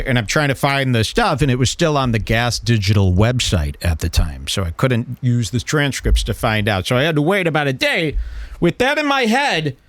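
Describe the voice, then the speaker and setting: A man's voice: mid-range voice, very animated, moderate pace, no echo. A man hosting a podcast in casual chat, swearing and acting mock-exasperated while reacting to clips. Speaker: podcast host.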